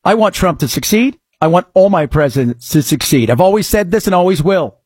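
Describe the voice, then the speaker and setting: A middle-aged man hosting a talk show, speaking sarcastically and breaking into mock shouts. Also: high voice, animated, brisk, slightly rough, dry recording, studio quality. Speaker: radio talk show host. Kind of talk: sarcastic political talk commentary.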